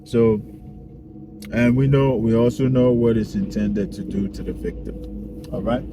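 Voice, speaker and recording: A man's voice: medium pitch, steady tone, a little slow, noisy background. A man talking casually to his viewers, repeating his points and checking in often with "all right?" and "huh?". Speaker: self-help video host. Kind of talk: casual spoken talk to viewers. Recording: music playing behind the voice.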